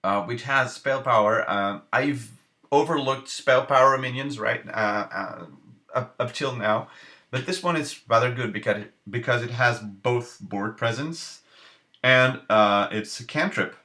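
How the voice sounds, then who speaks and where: A man streaming live, thinking aloud over card game picks with halting restarts and playful self-mocking jokes. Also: medium pitch, bright, forceful tone.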